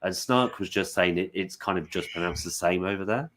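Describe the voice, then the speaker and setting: A man's voice: low voice, fairly quick, fairly bright tone, a little hiss or hum. A man with an English accent chatting casually on a video call, teasing and laughing often. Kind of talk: casual livestream chat.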